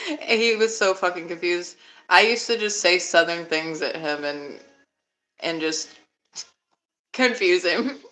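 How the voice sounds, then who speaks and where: A woman's voice: on the low side, animated, takes it slowly, long pauses, a bit bright, low-quality recording. A young woman from Alabama chatting casually on a live stream, laughing often and swearing freely.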